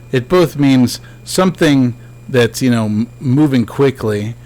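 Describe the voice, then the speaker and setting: A man's voice: mid-range voice, darkish tone. A man giving casual let's-play commentary as a game streamer, chatty and joking, talking back to the ghosts on screen.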